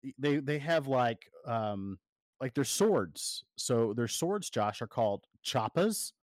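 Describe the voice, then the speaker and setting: This podcast co-host talks slowly but animatedly in a mid-range voice. He rambles through casual chat, often restarting and leaning on fillers. The audio is studio quality, with no echo.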